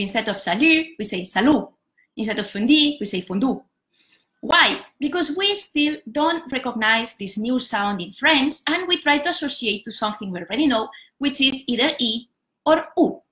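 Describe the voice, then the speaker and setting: A woman's voice: a little high, expressive, a little fast, sharp tone. A young woman from Catalonia, giving a live pronunciation lesson and explaining patiently, step by step with examples. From Catalonia, Spain. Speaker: Spanish teacher.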